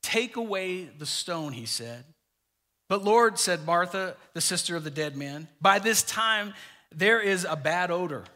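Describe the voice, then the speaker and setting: A pastor preaching a sermon with emphatic repetition, dropping quiet for scripture. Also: male voice, high voice, animated, a little slow.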